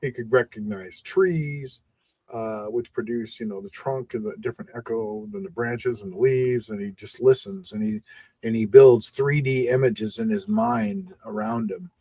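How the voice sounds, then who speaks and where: A man's voice: medium pitch, normal speed, mellow, husky, no echo. A man hosting a podcast in casual chat, loose and jokey, trailing off as he reads notes. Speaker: podcast host.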